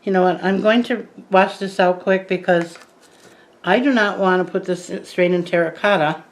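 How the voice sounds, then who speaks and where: In a lowish, steady voice at normal speed, an older woman vlogs about plants, chatting to the camera. She rambles, adding asides and correcting herself often, over a low-quality recording.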